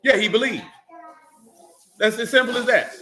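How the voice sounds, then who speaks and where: Male Bible teacher, high bright voice, preachy, keeps quizzing the class. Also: normal speed. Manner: preachy, calls out questions to the class. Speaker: teacher leading a Bible study. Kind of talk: sermon.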